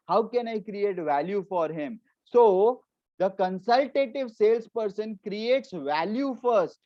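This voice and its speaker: Emphatic Indian sales coach, high-voiced. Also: male voice, darkish tone, no echo, muffled recording. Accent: Indian English. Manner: emphatic and repetitive, acts out salesmen's pitches with switches into Hindi. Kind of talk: motivational sales training talk.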